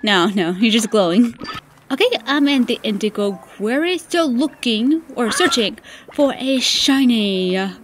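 A young woman giving casual, excitable commentary over her gameplay, squealing and gushing whenever she spots cute creatures. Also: a little high, a little slow, slight background noise. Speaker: gaming video creator.

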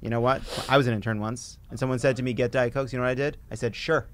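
A man's voice: medium pitch, steady tone, rapid-fire. A man in his thirties, a podcast host, ranting about food in a profane, emphatic, mock-outraged way. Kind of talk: comedic rant about food.

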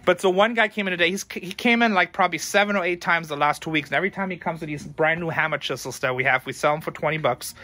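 Tired, chatty man giving bright frank advice. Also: fairly high pitch, fast, hardly any pauses. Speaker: thrift store owner and vlogger. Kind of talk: casual talk to camera.

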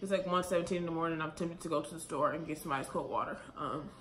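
Young woman, casual vlogger, slightly breathless, bright voice, echoey room. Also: deep voice. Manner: chatty, rambling, fast with many fillers. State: pregnant and out of breath. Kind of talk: casual vlog talk to camera. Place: room at home, late at night. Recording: echoey room with faint ambient noise.

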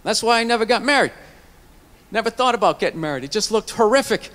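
A man's voice: sits high, expressive, fast, fairly bright tone. A male stand-up comedian in a profane, ranting routine, acting out mocking voices for the people in his stories. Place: stage clip played inside a reaction video.

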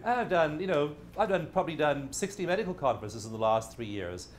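A man's voice: fairly high pitch, lively intonation, fast talker, slight background noise. A man giving a casual, jokey teaching talk who acts out inner voices as he goes. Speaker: therapy method teacher. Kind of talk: casual explanatory video talk.

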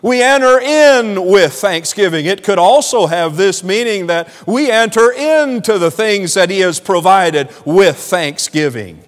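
Southern pastor preaching in a reverberant church. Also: male voice, high voice, a little slow, hardly any pauses. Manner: animated preaching, rising and falling in volume, laughing asides. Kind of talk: sermon. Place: church sanctuary.

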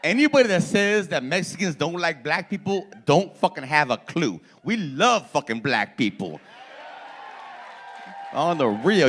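A male comedian works a club crowd in loose, profane street slang, needling the people in front of him. His voice sits a bit high and sounds bright and forceful. His pitch swings widely from line to line. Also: very animated, a little slow, slight background noise. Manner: brash, profane, teasing the audience. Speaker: stand-up comedian. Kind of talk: stand-up set with crowd work.

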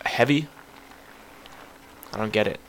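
A young man commentating on a game he plays, excitable, yelping and apologizing to the characters. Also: fairly low pitch, takes it slowly, a little hiss or hum. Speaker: gameplay commentator. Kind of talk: casual gaming commentary.

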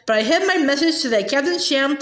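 A woman's voice: high-pitched, expressive, a little fast, fairly bright tone. A woman voicing a fussy, fearful older aunt who whines and scolds about grammar, read aloud from a storybook. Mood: prim. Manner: whiny, prim, scolding. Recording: roomy echo.

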